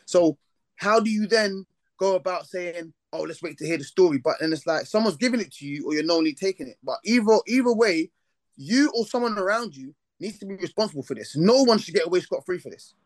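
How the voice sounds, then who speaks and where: A man on a boxing talk panel, speaking passionately and forcefully about his views. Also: sits high, expressive, a little fast, no room sound. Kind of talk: casual panel discussion.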